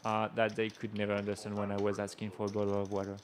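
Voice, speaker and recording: A man's voice: on the low side, a little hiss or hum. French-accented man commentating live poker. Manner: excitable, quick reactions with gasps and laughs.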